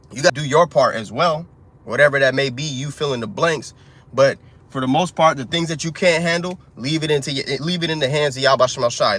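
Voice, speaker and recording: A man giving informal spiritual teaching, calling listeners "man", swearing in asides and slowing down when reading scripture. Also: on the high side, fairly bright tone. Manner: street-casual preaching, calls listeners "man", profane asides; reads scripture slowly and deliberately. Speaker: religious teacher.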